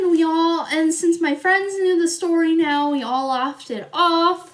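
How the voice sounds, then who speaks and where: A woman's voice: extremely high pitch, unhurried, hardly any pauses. A young woman telling a story in a vlog, chatty and rambling, with frequent fillers and giggles. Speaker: vlogger.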